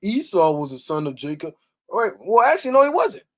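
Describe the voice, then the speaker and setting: A man's voice: sits high, big pitch swings, brisk, fairly bright tone. Blunt preaching man reading scripture. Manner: preachy, rhetorical questions, reads verses aloud then breaks them down; blunt and scolding, with mild swearing. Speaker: bible teacher. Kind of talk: scripture teaching sermon.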